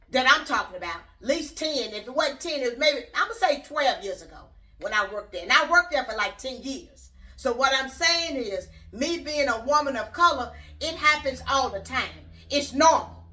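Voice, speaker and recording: In a casual opinion vlog on her YouTube channel, a middle-aged woman speaks bluntly and meanders while addressing her viewers directly. Her voice sits high with a bright, forceful tone, picked up by a distant mic.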